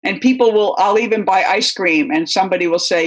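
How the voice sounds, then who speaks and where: A woman's voice: medium pitch, fairly quick. An older American woman, a guest writer, answering interview questions in a rambling, anecdotal way with many fillers.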